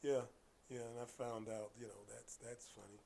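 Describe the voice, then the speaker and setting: A man telling stories in casual conversation as a podcast guest, animated, dropping into hushed asides and then loud bursts. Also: medium pitch, moderate pace, vocal fry, a little hiss or hum.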